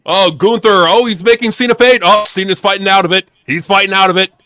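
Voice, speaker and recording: A man with a high, bright voice co-hosts a live wrestling reaction. He banters in a laid-back, jokey way, recorded close and dry. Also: steady tone, fast talker, no echo. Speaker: co-host.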